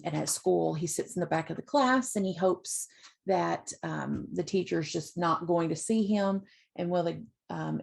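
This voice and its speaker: Woman, literacy teacher; unhurried, gravelly voice pitched a bit low, giving an informal book talk. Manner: slow, relaxed retelling with many ums. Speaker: literacy educator sharing picture books.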